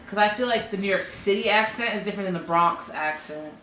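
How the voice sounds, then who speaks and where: Giggly bright woman from New Jersey. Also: mid-range voice, fairly quick, echoey room, a little hiss or hum. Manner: giggly, playful banter. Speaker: podcast co-host. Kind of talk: casual chat.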